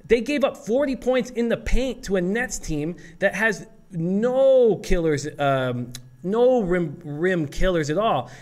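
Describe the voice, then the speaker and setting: A man with a high voice co-hosting a sports betting show. He lays out his picks and rattles off statistics in a steady, prepared flow. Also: slow pace.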